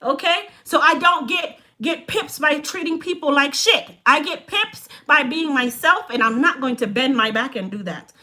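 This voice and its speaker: Blunt, bright-voiced Chicago woman. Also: high voice, moderate pace, hardly any pauses. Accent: Chicago with Jamaican touches. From Chicago, United States. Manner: blunt, straight-talking, animated. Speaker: hair care business owner. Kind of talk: casual live-stream storytelling.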